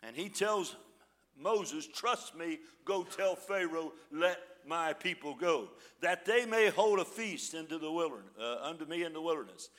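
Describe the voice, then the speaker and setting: A male pastor delivers a sermon in a high, bright voice. He reads scripture aloud slowly with dramatic pauses. Between passages he talks to the congregation in a folksy, plainspoken way.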